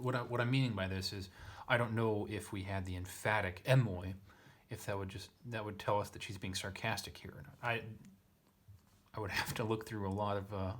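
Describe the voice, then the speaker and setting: A Greek teacher works through a text line by line in a casual lesson reading, thinking aloud with plenty of fillers and self-corrections. His voice is lowish with little pitch movement, and he talks fairly quickly.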